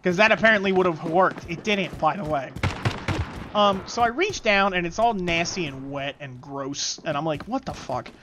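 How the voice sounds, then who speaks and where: A game streamer telling a rambling, profane story in casual chat while playing, with quick callouts to the match. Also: mid-range voice, noisy background. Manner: gives quick gameplay callouts. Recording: loud game gunfire behind voice. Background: shooter game gunfire and announcer callouts.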